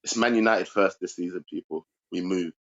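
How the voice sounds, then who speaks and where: A man calling into a football talk stream, upbeat, animated and playful. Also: sits low, normal speed, lo-fi sound. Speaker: caller. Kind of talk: live-stream call-in football chat.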